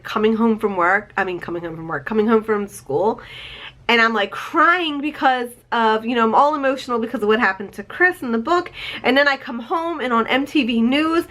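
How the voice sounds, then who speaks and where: A woman's voice: fairly high pitch, fairly bright tone. A woman in her forties reviewing a favorite novel in a casual vlog, reading from her chapter notes and gushing emotionally, with the odd swear word. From United States. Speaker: book vlogger.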